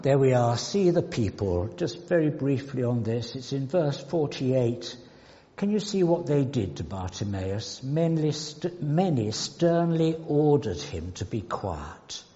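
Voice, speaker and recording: A man preaching a sermon in a church, slow and emphatic, with sudden loud outbursts and hushed asides. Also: medium pitch. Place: church hall. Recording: dull sound with long hall reverb.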